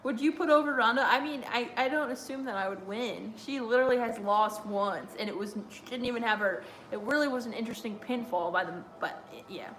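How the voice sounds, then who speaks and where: A woman's voice: on the high side, fairly quick, hardly any pauses, fairly bright tone, slight background noise. A young woman hosting a casual live watch-along stream, chatty and giggly as she reads viewer chat aloud. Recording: roomy echo.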